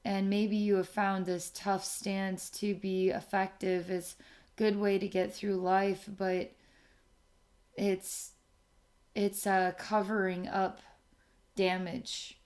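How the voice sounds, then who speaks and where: A woman giving a channeled spiritual reading to someone, speaking softly and often checking in with "okay?". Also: mid-range voice, level tone. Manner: slow, soft, repeats okay to check in. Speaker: spiritual intuitive reader.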